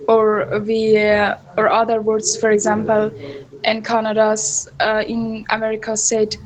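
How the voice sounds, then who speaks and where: A female student answers her teacher on a video call. She speaks slowly and flatly, and her voice sits a little high. She stops often and fills the gaps with many ums and uhs. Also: crowd noise, rough recording. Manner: halting, many fillers. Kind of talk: online class discussion.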